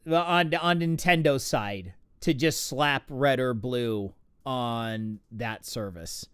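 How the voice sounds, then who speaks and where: A man's voice: mid-range voice, takes it slowly, hardly any pauses, a bit bright, clear, resonant tone, no echo, clean studio sound. A man hosting a game stream, chatting casually and getting distracted by his game, with lots of fillers. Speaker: streamer host. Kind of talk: casual chat while gaming.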